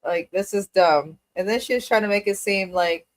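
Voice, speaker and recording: A woman of average pitch co-hosting a laid-back recap. She lands her opinions firmly and bluntly. Her delivery stays conversational and emphatic. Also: moderate pace. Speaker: co-host. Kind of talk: casual reality TV recap.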